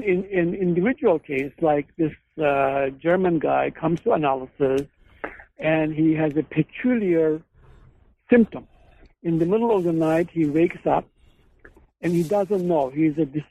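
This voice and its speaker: A man's voice: fairly high pitch, unhurried, dark tone. A man, a guest author and psychoanalyst, telling case stories in a rambling, hesitant way. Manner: discursive storytelling, frequent hesitations and self-corrections. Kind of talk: conversational interview. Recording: phone-line audio.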